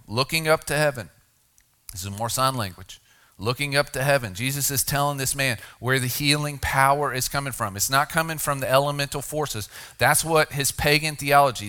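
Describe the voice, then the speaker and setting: A middle-aged man preaches a sermon in an easy, conversational way. His voice is bright and forward, and it drops quiet and deliberate when he lands a key point. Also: mid-range voice. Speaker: pastor.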